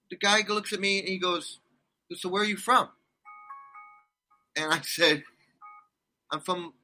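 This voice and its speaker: A Californian man in his sixties, guesting in a casual interview, tells rambling, animated stories full of restarts. His voice is on the high side.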